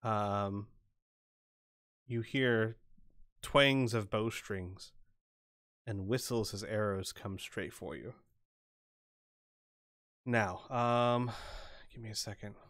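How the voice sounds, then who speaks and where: A man's voice: fairly low pitch, extremely slow, long pauses, fairly bright tone, dry recording, studio quality. A man running an online tabletop game as game master, thinking aloud in a casual way while he works out rules and dice rolls.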